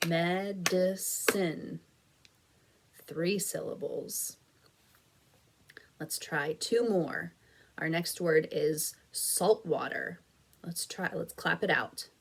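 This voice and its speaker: A low-voiced woman, heard against background noise, presents a slow and clear phonics lesson video for young children. As an elementary school teacher, she stays patient and encouraging, stretching and sounding out words with care.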